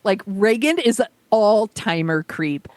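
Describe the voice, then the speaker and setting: A woman's voice: medium pitch, animated, measured pace, a little mellow, no room sound. A woman co-hosting a podcast in casual chat, blunt and emphatic, swearing freely. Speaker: podcast co-host.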